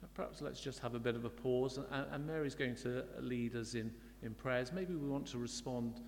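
A man's voice: mid-range voice, moderate pace, slight background noise. Man preaching a sermon in a reverberant church. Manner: reflective, conversational with frequent restarts. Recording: long church hall reverb.

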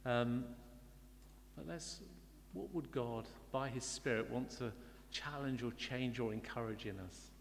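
A man's voice: mid-range voice, measured pace, creaky, a little hiss or hum. A man preaching a sermon, speaking in a reflective, conversational way with frequent restarts. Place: church. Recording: long church hall reverb.

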